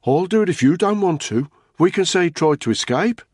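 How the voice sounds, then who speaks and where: A man's voice: on the high side, animated, fairly quick, a little mellow, breathy edge, no room sound, clean studio sound, voice pushed up. A man voicing a cold, blunt soldier who speaks in a raised, urgent voice. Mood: grim.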